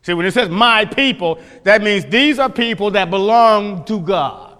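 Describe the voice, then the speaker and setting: Emphatic high-voiced male pastor. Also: normal speed, a bit bright. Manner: emphatic, repeats phrases, asks the congregation questions. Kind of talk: sermon teaching from scripture. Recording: long hall reverb.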